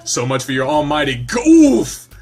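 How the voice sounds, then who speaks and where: Crude adult lizard man voiced by a man, gruff, foul-mouthed, grumpy, visual novel read-aloud. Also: on the high side, wildly swooping pitch, a little slow, a little mellow, exaggerated voice. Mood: taunting.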